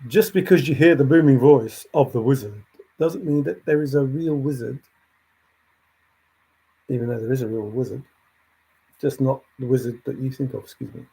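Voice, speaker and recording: A man's voice: medium pitch, moderate pace, gravelly, long pauses, mellow, slightly rough. A man hosting a livestream, thinking aloud in a rambling way and answering chat comments as they come in. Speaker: livestream host.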